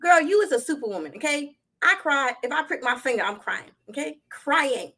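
High-voiced, animated young woman. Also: normal speed. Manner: animated, slangy, laughs often. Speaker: podcast co-host. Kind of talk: casual gossip chat.

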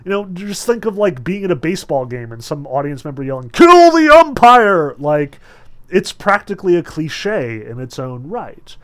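Guy lecturing on a book, lively up-and-down voice, kinda chatty. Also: fairly high pitch, moderate pace. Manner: animated and chatty, with frequent fillers. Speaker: literature teacher. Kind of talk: casual lecture with read-aloud passages.

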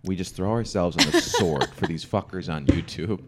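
A young man co-hosting a casual podcast chat, joking and swearing in animated riffs. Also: deep voice, normal speed, very noisy. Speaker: podcast co-host.

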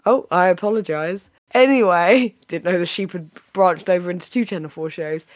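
A woman hosting a casual podcast, chatty and playful, her voice a little raspy today. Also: on the low side, moderate pace, no echo, clean studio sound. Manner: chatty, playful, laughs often. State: slightly raspy voice. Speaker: podcast host.

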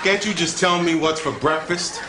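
A man's voice: fairly high pitch, normal speed, very noisy, pitched above the performer's own voice, natural voice. A man voicing a pestering man who keeps asking what is for breakfast, in a comedy skit. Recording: echoey, distant, music behind.

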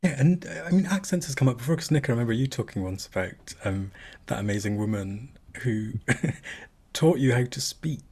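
A man's voice: medium pitch, expressive, a little mellow, slightly rough. A man from Scotland hosting a podcast in casual, self-mocking chat. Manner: chatty, quick to laugh, self-mocking. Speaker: podcast host.

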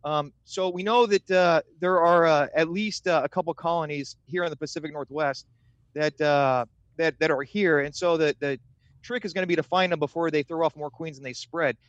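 A man talking as a guest beekeeper in a casual podcast chat, pausing often with filler words. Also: fairly high pitch, steady tone, dry recording, lo-fi sound. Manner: hesitant, many filler words.

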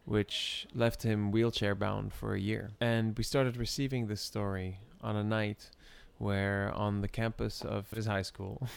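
A man telling a story in casual chat, animated and often breaking into laughter. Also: fairly low pitch, a little slow, vocal fry, few pauses, smooth.

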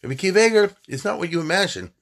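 A man's voice: high voice, sing-song, rapid-fire, a bit bright. A man giving an informal history lecture, conversational and full of rhetorical questions and Yiddish terms. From United States.

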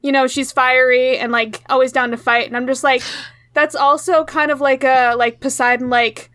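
High-voiced giggly young woman. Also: level tone, moderate pace, fairly bright tone, no echo. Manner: rambling, many fillers, giggly. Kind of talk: casual chat.

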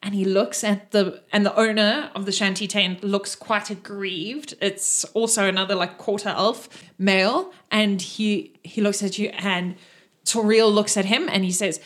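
A woman's voice: mid-range voice, fairly even intonation, measured pace, fairly bright tone. A woman as game master narrating a tabletop game in a casual, rambling way with frequent laughs.

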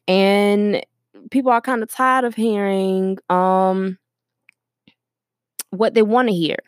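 A woman's voice: mid-range voice, no echo, studio quality. A young woman hosting her own podcast, talking through her thoughts in an earnest, reflective way, full of ums and you-knows, while recording at her workplace store. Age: young adult. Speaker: podcast host. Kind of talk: casual solo podcast monologue.

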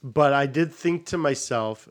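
Animated male teacher telling classroom stories. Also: medium pitch, a little slow. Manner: animated storyteller, acts out what students say. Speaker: teacher and podcast co-host. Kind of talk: casual podcast chat.

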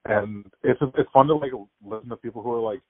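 A young man chatting casually as a podcast guest, telling stories quickly and filling his talk with "like". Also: mid-range voice, slightly rough, no room sound. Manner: rapid storytelling, frequent "like" fillers. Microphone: remote call. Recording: tinny phone-like call audio.

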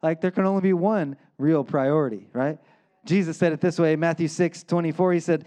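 Higher-pitched male pastor preaching. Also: fairly even intonation, brisk, dark tone. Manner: conversational, asks "right?" often, acts out quotes. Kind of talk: sermon.

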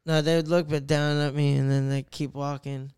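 A man's voice: a little high, flat delivery, normal speed, a little mellow, clean tone, no room sound, clean studio sound. A man telling a story in casual podcast chat, rambling and profane, laughing at himself. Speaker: podcast co-host.

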